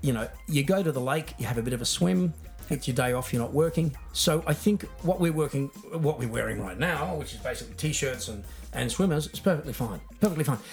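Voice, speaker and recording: Aussie guy hosting, goofy improv banter, pitch jumping all over. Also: expressive, brisk, faint music behind. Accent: Australian. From Australia. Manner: playful, punning, mock-earnest. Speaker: podcast host.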